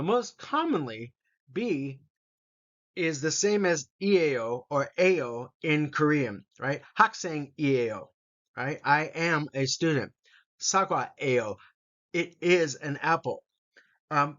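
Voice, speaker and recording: A man teaching an English grammar lesson, reading example sentences slowly and deliberately so learners can repeat after him. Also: on the high side, highs cut off.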